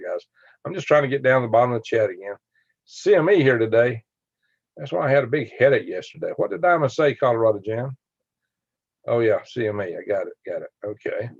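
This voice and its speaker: A man's voice: mid-range voice, gravelly, breathy edge, no echo, highs cut off. A man with a Southern US accent hosting a casual livestream chat, rambling in a folksy way and chuckling often. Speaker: livestream host. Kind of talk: casual livestream chat, reading viewer comments.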